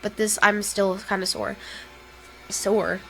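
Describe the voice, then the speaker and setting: A young woman with a Southern American accent chats casually as a podcast co-host. Her voice sits at a middling pitch and sounds a little stuffy. She giggles and rambles as she goes. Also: little pitch movement, takes it slowly, gravelly, poor audio. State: stuffy nose.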